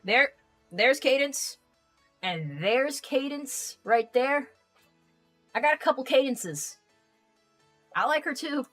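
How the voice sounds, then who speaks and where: A young adult woman streamer chatting casually and reading out viewer comments, rambling, excitable and quick to swear. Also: sits high, soft background music. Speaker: live streamer.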